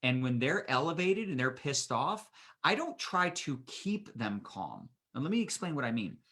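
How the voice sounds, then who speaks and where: Man, business coach, motivational leadership talk, casual, very animated intonation, bright tone. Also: mid-range voice, moderate pace. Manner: casual, animated, acts out voices of people he quotes. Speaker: business coach leading a training session.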